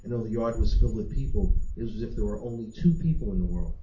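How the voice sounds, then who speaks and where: A man's voice: lowish voice, fast talker, mellow, slight background noise. Man reading his fiction aloud. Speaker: author. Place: library reading event. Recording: roomy, dull recording.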